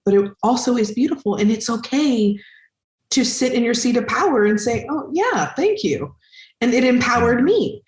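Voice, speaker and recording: A woman's voice: medium pitch, reverberant. A woman in her forties, a guest on a podcast, telling stories in casual, emotional talk and acting out the quotes. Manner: emotional, animated storytelling with acted-out quotes. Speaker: podcast guest, actress and singer.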